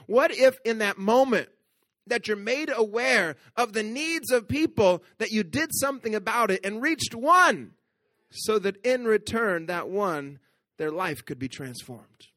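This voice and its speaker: A male pastor preaching a storytelling sermon. His voice sits high and bright, with a clear, forward edge. The sound is dry and close, with no room echo. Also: fairly quick. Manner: storytelling with rising, playful asides to the congregation; drops to a soft, hushed voice for tender moments.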